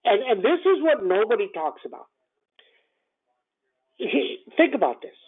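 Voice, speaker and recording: A man runs through a morning market call in a blunt, animated way, looping back on phrases and firing off rhetorical questions. His voice swings up and down in pitch. The sound is thin and phone-like. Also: unhurried, breathy edge. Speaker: stock trading commentator. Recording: tinny phone-line sound.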